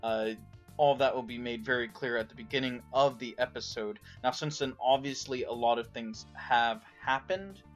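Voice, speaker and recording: A man's voice: mid-range voice, normal speed, faint music behind. Man giving a podcast intro. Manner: plain and explanatory, with many "uh"s. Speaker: podcast co-producer. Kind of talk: spoken episode introduction.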